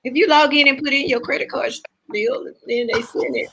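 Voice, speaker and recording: A woman's voice: high voice, steady tone, a little fast, a bit bright, slight background noise, low-quality recording. A woman with a Southern accent co-hosting a morning radio show, playful and telling stories. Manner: storytelling, playful. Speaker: co-host. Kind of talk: casual radio chat.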